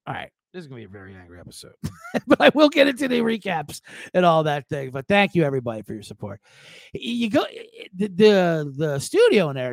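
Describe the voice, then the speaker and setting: Brief: man in his forties, podcast host, high pitch, dry close mic, swears a lot, rambles. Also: dry recording. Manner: profane, rambling, self-deprecating storytelling. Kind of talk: casual sports podcast monologue.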